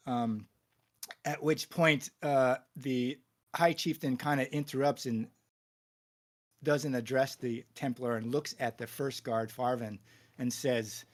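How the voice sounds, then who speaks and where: A man narrating as game master for a tabletop game, in a casual, halting way full of fillers. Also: medium pitch, steady tone.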